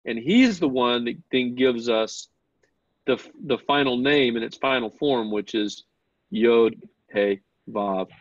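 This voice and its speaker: A man's voice: medium pitch, slow, no room sound, highs cut off. A man teaching a Bible class, explaining step by step, asking the class questions and often repeating words as he starts a sentence.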